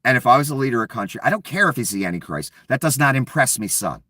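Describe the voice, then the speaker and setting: A man's voice: mid-range voice, animated, fast talker, sharp tone, dry recording, clean studio sound, distant mic. A man giving a casual, profane political rant, sarcastic and often acting out mocking quotes. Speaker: political commentator. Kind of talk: casual ranting commentary.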